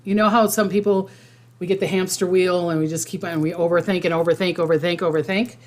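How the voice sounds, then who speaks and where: A woman's voice: on the low side, fairly even intonation, fast, a little mellow. A woman hosting a casual psychic livestream, rambling with restarts and fillers and reading viewer comments aloud.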